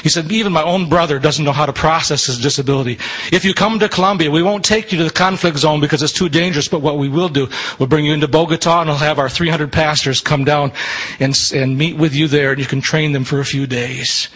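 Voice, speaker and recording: A man leading a disability ministry, giving an earnest church talk, slowing down to stress his points. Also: on the high side, fairly even intonation, a bit bright, husky, poor audio.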